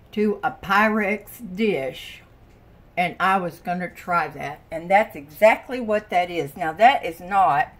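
An older woman talks to her viewers from her kitchen at a slow, easy pace. She is chatty and folksy, often breaking into exclamations. She sounds tired. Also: medium pitch. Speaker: vlogger. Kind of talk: casual chat to camera. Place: home kitchen.

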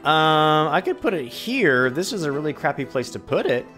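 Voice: mid-range voice, sing-song, moderate pace, fairly bright tone, soft background music. A let's play host doing gaming commentary, ranting at the game and talking to it as if it were a person.

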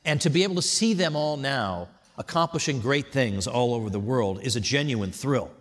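A man giving a prepared tribute speech at an event, telling stories in a wry, animated way. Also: mid-range voice, normal speed, in a large hall. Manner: wry, animated storytelling with mock voices. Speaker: speaker at an institute event. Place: hotel event hall.

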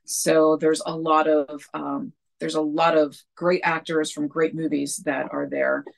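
A woman's voice: sits low, little pitch movement, measured pace, creaky. A woman in her forties co-hosting a casual chat show, rambling and joking with frequent laughs. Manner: rambling, joking, self-deprecating, laughs often. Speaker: podcast co-host.

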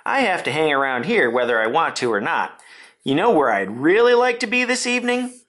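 A man's voice: fairly high pitch, big pitch swings, fairly bright tone, pitched above the performer's own voice. A man voicing an anxious young male pig in a storybook reading, pleading and eager. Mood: dreamy. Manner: pleading, quick questions.

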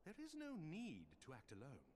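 A gallant, courtly noble knight. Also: male voice, mid-range voice, huge pitch swings, normal speed, a little mellow, a little hiss or hum. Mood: courteous. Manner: formal courtly speech. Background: game music.

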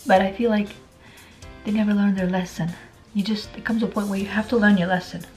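A woman in a casual vlog, chatting to her viewers at a middle pitch. She talks with her mouth full and keeps repeating her points for emphasis. Soft background music plays under her voice. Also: fairly even intonation, quick pace, rough recording. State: eating while talking. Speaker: lifestyle vlogger.

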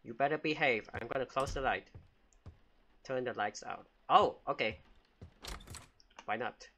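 A man's voice: medium pitch, a little slow, bright, forceful tone, muffled recording, a little hiss or hum. A man giving jokey, casual commentary while playing a game and talking back to it with frequent exclamations. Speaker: gamer.

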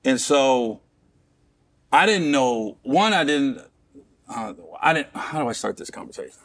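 A middle-aged comedian guest from Cincinnati, Ohio, talks in an expressive, fairly bright mid-range voice at a slightly slow pace. Candid about a personal story, he rambles with restarts and wry, self-mocking asides.

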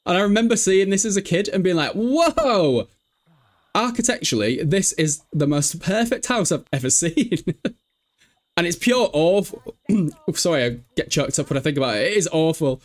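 A young man casually commenting on a life-sim game, laughing often and yelling at the characters. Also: high-pitched, expressive, a little fast. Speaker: streamer. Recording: faint music behind.

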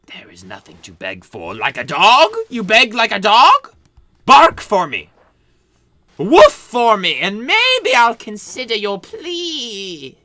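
A woman voicing a manic, villainous male mansion creator who shouts, gloats and cackles. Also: low voice, big pitch swings, takes it slowly, a little hiss or hum, full character voice. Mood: taunting. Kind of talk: doll play-acting.

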